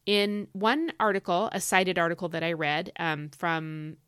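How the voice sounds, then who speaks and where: A woman's voice: lowish voice, fairly even intonation, a little slow, a bit bright, smooth, no room sound, clean studio sound. A young woman teaching scripture on her podcast, enthusiastic and getting fired up like a preacher. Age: young adult. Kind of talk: devotional teaching.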